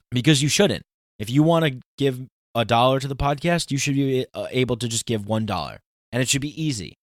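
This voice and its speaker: Animated ranting male podcast host. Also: mid-range voice, no room sound, clean studio sound. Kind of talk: solo podcast intro.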